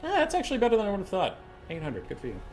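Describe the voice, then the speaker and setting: Excitable, chatty male game streamer. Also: sits high, racing, faint music behind. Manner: excitable and chatty, swears casually, chuckles often. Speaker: streamer casting a game tournament. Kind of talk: casual live-stream game commentary.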